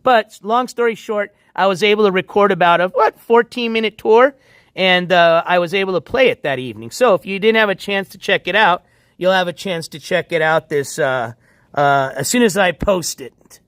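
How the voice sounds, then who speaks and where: A man with a high voice chats loosely to his livestream viewers from beside a backyard pool at night. He rambles in an easygoing way and chuckles often. The sound is dry and close, picked up on a handheld phone. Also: normal speed, fairly bright tone, clear, resonant tone, no echo. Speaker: livestream host. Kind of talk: casual livestream chat.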